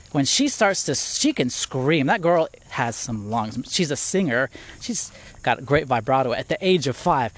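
A middle-aged man hosting a podcast, giving a casual devotional talk while walking outdoors, thinking aloud with restarts. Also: mid-range voice. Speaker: podcast host.

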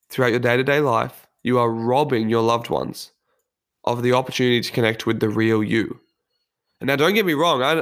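A man delivering a personal development talk as a solo motivational monologue. He speaks earnestly and candidly, in a reflective tone. His voice sits at an ordinary middle pitch for a man. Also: fairly bright tone.

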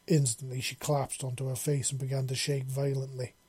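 A man narrating a story in a steady reading voice. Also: mid-range voice, brisk, husky.

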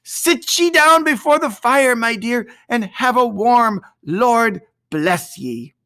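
A reader voicing a bustling, warm-hearted mother of a poor household, speaking in a fussing, affectionate, homely way. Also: mid-range voice, big pitch swings, takes it slowly, voice pushed up, full character voice. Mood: fussing warmth.

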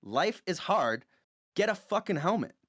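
A man's voice: high-pitched, big pitch swings, unhurried, fairly bright tone, no room sound, clean studio sound. Blunt, profane man. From Boston area, USA. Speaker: guest. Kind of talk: casual podcast chat.

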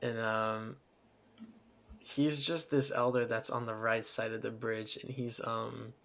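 A man with a gravelly, creaky voice talks through a video game in a loose, rambling way. He laughs often as he tells it, and his pitch sits at an ordinary middle level. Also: level tone, slow, a bit bright. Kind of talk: casual game discussion.

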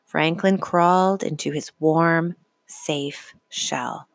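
Storyteller: woman, lower voice, slow and gentle picture-book reading, very dry close sound. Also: fairly even intonation, dry recording. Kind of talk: children's storybook read-aloud.

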